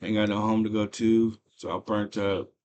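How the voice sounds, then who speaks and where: A man casually retelling a movie's plot as a host, animated and slangy, with lots of fillers. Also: lowish voice, normal speed.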